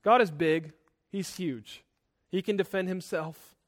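Man, high voice, preaching a sermon, emphatic, loud then soft, repeats words. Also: a little slow. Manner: repeats words when starting sentences. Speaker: pastor.

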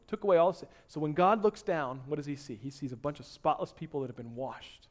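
A man preaching a sermon, dropping to hushed tones and then rising to loud, emphatic exhortation. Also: fairly high pitch, fast, few pauses. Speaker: pastor.

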